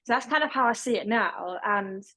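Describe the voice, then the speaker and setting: Young adult woman, deaf accent, level and even delivery; casual podcast guest. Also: medium pitch, normal speed, poor audio. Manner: fairly level, even delivery with some words pronounced differently. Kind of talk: casual interview talk.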